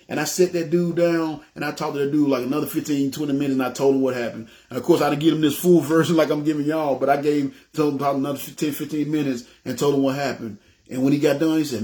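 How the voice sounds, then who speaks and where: A man's voice: on the high side, quick pace. A man with a Southern US accent telling his personal testimony, acting out the dialogue and often checking in with his listeners. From Memphis, US South. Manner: animated, acts out dialogue, keeps saying "you know what I'm saying". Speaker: ministry leader giving testimony.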